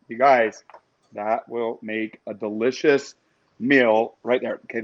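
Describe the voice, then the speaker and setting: A man's voice: mid-range voice, lo-fi sound. A man with a Western American accent hosting a casual live stream, chatty and upbeat, talking to his viewers as he cooks and reads out trivia questions. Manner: chatty, upbeat, addresses viewers as you guys.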